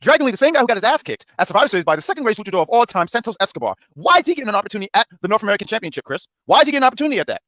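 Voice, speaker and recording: A man ranting in an animated way as he reviews wrestling, indignant and worked up. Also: high-pitched, rapid-fire, hardly any pauses, no echo.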